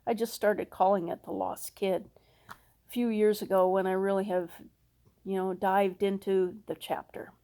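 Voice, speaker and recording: A woman's voice: mid-range voice, level tone, dark tone. A woman pastor preaching a sermon, retelling a parable in a folksy storytelling way. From Minnesota. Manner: slow, storytelling, acts out characters with folksy asides.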